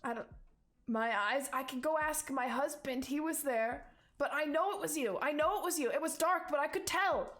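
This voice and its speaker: A woman voicing a frightened, grieving rabbit-folk mother who sobs out shrill, insistent accusations. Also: normal speed, fairly bright tone.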